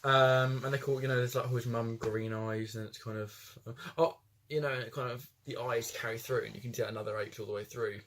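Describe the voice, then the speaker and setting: A man's voice: medium pitch, fairly even intonation, a little fast, fairly bright tone. Give me a young man chatting loosely about films, stumbling over his words. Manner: rambling, many restarts. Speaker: podcast co-host. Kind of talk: casual film chat.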